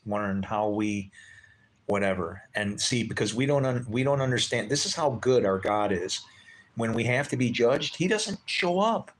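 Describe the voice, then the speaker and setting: A man's voice: medium pitch, fairly bright tone. Man giving a casual, unpolished Bible talk. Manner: conversational, asks rhetorical questions, swears casually. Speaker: Bible teacher.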